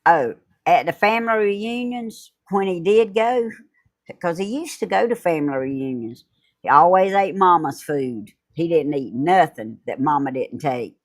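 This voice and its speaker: Host, middle-aged, low voice, slow homey chat. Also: female voice, animated. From Georgia. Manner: chatty, laughs often. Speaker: YouTube host. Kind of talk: casual chat.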